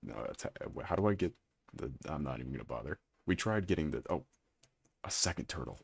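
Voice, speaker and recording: A man with an extremely deep, gravelly voice, chatting casually with his live-stream chat while playing a game and teasing viewers. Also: expressive, a little fast, no room sound. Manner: chatty, teasing, reads and answers chat aloud.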